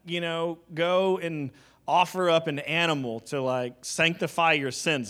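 Guy preaching a sermon, a bit higher voice, super conversational, tosses in like and you know, cracks little jokes. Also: a bit bright. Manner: conversational teaching with casual fillers and joking asides.

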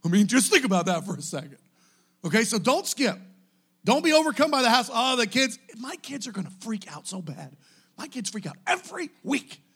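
Young male pastor, fired-up sermon delivery, high voice with big lively swings. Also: breathy edge. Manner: impassioned, exhorting, swings from soft to shouting.

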